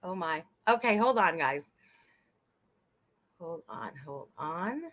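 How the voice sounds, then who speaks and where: A woman's voice: fairly low pitch, lively intonation, takes it slowly, a bit bright. A woman hosting a casual live stream, chatty and laughing often, swearing freely and talking to her chat.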